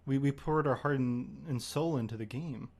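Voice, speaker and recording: A male streamer in casual conversation with a guest, his pitch sitting in the ordinary middle range. He rambles and stammers through restarts, often poking fun at himself. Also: normal speed, darkish tone, husky. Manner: rambling, stammering, self-mocking. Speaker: streamer host. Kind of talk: casual chat on a livestream.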